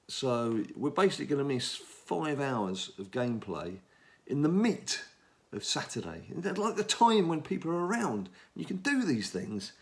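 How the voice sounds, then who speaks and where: A middle-aged English man giving casual commentary on a mobile game he is playing, rambling and talking to himself as he plays. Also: medium pitch. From England. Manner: chatty, rambling, talks to himself while playing. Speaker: gaming channel host.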